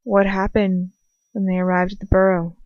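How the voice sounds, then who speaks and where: A woman's voice: medium pitch, flat delivery, moderate pace, no room sound, muffled recording, lightly acted. A woman reading a fan story aloud, voicing a clever young witch in her own plain voice. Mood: curious. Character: clever young witch, first-person heroine.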